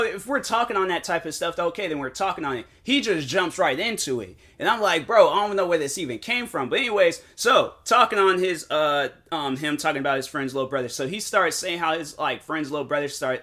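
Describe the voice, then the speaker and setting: A young man tells a rambling story with a bright, cutting voice that sits a bit high. He talks loosely and animatedly, leaning on slang and lots of filler words. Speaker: streamer telling a story about a viewer. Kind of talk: casual storytelling monologue.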